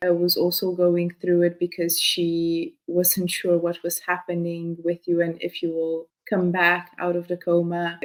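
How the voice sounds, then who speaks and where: A woman hosting an interview, calmly and sympathetically summarizing what her guest went through. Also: on the low side, poor audio. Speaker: host.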